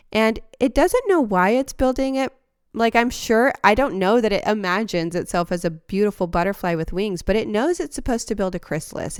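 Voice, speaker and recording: A woman hosting a podcast who talks in an earnest, heartfelt, reflective monologue and sometimes laughs softly or restarts a phrase. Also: mid-range voice, clear, resonant tone, no room sound, studio quality. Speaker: podcast host.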